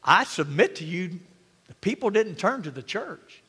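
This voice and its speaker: A man's voice: high-pitched, sing-song, moderate pace, bright, forceful tone, breathy edge, big-room sound. A man pastor preaching a sermon in a church, full of rhetorical questions and calls for amen.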